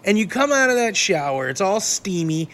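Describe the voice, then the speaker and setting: A man telling crude, animated road stories in casual chat, laughing as he goes. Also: sits high, moderate pace. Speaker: touring performer. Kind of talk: raunchy casual storytelling.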